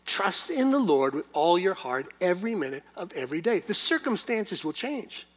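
A man's voice: high-pitched, big pitch swings, moderate pace. A middle-aged man preaching a sermon, telling a family story and then pressing his point with rhetorical questions. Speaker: pastor.

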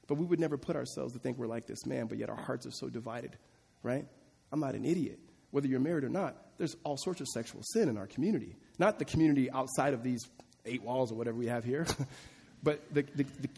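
A man with a husky, slightly breathy voice preaches in a large hall, and his words ring out with a long reverb. He explains scripture in a conversational tone and climbs higher and louder when he presses a point. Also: fast talker. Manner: conversational, turning emphatic and rising in pitch and volume. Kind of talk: expository sermon with Bible reading.

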